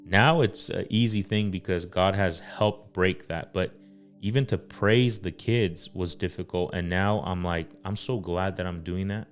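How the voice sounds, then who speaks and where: A man, a husband and father, hosting a casual faith-based podcast and speaking earnestly, with many ums and pauses. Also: low voice. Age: adult father. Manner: earnest, full of fillers and pauses. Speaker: podcast host.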